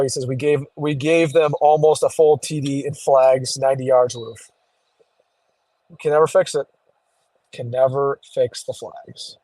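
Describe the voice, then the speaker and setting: A young man hosting a casual live postgame reaction stream, chatty and reading viewer comments, a little hoarse from losing his voice. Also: medium pitch, a little mellow, no room sound, rough recording. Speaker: sports streamer host. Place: driving home.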